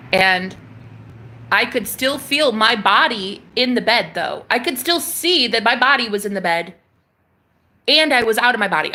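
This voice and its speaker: A woman's voice: mid-range voice, bright, forceful tone, a little hiss or hum. A woman vlogger intensely recounting a personal spiritual experience, with many restarts and some swearing. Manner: emotional, intense retelling with frequent restarts and swearing. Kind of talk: personal spiritual story told to camera.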